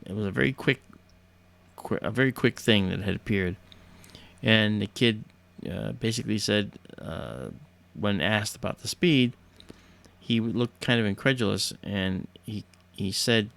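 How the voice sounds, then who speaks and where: A man's voice: fairly low pitch, unhurried, creaky, a bit bright. A man hosting a livestream, telling a story casually in a hesitant way full of fillers and restarts. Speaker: livestream host.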